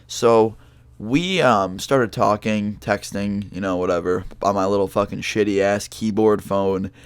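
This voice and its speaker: A young man tells a personal story straight to camera. He rambles loosely, with fillers and swearing. His voice sits low and the sound is close and dry, with no room behind it. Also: steady tone, a little slow, clear, resonant tone, no room sound. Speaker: vlogger telling a story. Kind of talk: casual storytime monologue.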